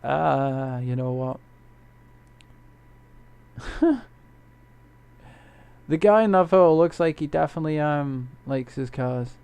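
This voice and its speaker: At home at night, a man streams a racing game and chats casually with viewers, rambling and joking as he plays. His slightly high voice is clean and a little mellow, with vocal fry, a slow pace and frequent pauses.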